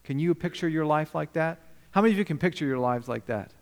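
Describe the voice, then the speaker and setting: High-voiced preacher in an echoing hall. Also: male voice, lively intonation, fast talker, vocal fry. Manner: emphatic, questions the congregation, swings between loud and quiet. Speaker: pastor. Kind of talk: sermon.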